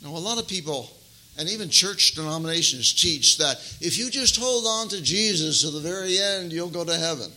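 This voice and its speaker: An older man preaching a sermon as pastor, emphatic and folksy, swinging between loud stresses and soft asides. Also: a little high, lively intonation, normal speed, low-quality recording. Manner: addresses listeners as beloved, folksy asides.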